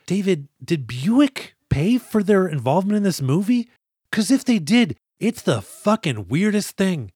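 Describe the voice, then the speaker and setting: A man co-hosting a podcast, recapping a film in casual, animated, profane chat. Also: sits high, unhurried, slightly rough, dry recording, studio quality. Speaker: podcast co-host.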